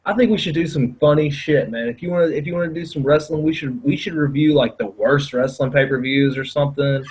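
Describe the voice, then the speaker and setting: Guy on a podcast swearing and ribbing his buddies, slightly high voice. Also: brisk, husky, low-quality recording. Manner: profane, teasing banter. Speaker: podcast guest. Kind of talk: casual podcast chat.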